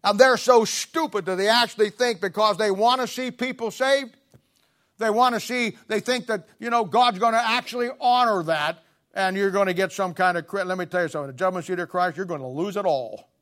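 A middle-aged male preacher delivering a blunt, confrontational sermon, swinging from loud declarations to low asides. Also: a little fast. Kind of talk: fiery sermon.

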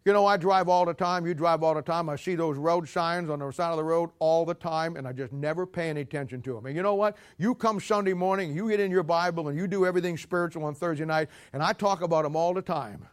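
With a clear, resonant high voice, this pastor from Missouri, USA preaches quickly with hardly any pauses. His folksy sermon is full of jokes and stories, swinging between loud bursts and quiet asides as he laughs at his punchlines.

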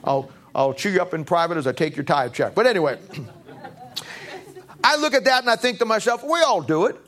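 Male pastor, high voice, preaching with rhetorical questions and wide pitch swings. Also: expressive, moderate pace, fairly bright tone. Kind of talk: sermon. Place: church.

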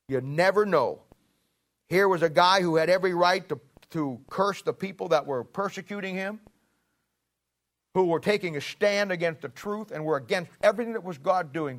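A man preaching a sermon from the pulpit in a high, light voice. He tells his stories in a folksy, emphatic way and keeps throwing rhetorical questions at the congregation. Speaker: pastor.

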